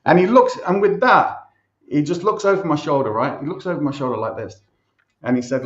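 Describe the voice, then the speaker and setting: An Irish man, a podcast guest, telling a story in a chatty, animated way and swearing casually. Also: fairly high pitch, fast. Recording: roomy, dull recording.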